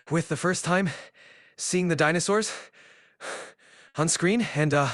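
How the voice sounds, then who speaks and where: A man's voice: on the high side, takes it slowly, fairly bright tone, dry recording, studio quality. A man talking in a casual chat, out of breath and sighing heavily between phrases.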